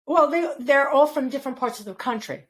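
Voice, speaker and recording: A woman's voice: high voice, fairly quick, a bit bright. Chatty woman host. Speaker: podcast host. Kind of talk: casual interview chat.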